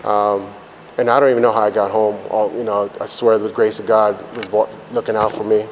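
Fairly quick and flat in delivery, a man with a fairly low voice rambles through a blunt, profane testimony about his recovery, using many fillers. The sound comes from a reverberant hall with faint background noise.

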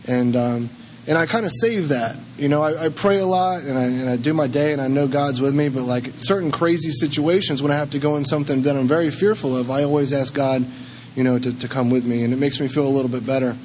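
A man's voice: medium pitch, fast, a little mellow, slight background noise. A man telling his recovery story at a meeting, rambling and conversational with lots of fillers. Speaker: speaker sharing at a recovery meeting.

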